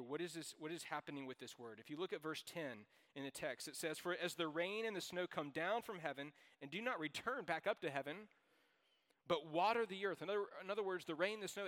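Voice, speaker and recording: A man preaching a sermon as pastor, emphatic, repeating key phrases and swinging between loud and hushed delivery. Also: medium pitch. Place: church sanctuary. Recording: long reverb of a church hall.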